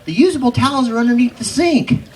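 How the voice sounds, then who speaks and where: A man voicing a fussy, easily riled wife who scolds her husband, in a shrill, indignant voice. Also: lively intonation, fast talker, distant mic, slight background noise.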